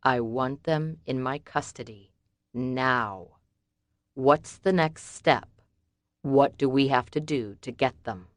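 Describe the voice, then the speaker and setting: A woman's voice: a bass voice, unhurried, dry recording, studio quality. A woman voicing a cold, threatening male crime boss in clipped lines, for an audiobook. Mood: menacing.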